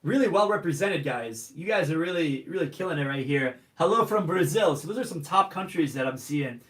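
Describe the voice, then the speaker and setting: A man's voice: a little high, expressive, brisk, fairly bright tone, distant mic. A man hosting a live stream Q&A, upbeat and calling out greetings to viewers from many places. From United States. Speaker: host. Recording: roomy echo, off-mic.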